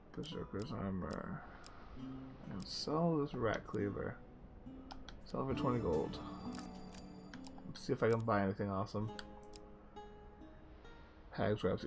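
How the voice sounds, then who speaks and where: Chatty young man commenting on gameplay. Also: lowish voice. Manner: chatty, reacts aloud, reads game text. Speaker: gaming video host.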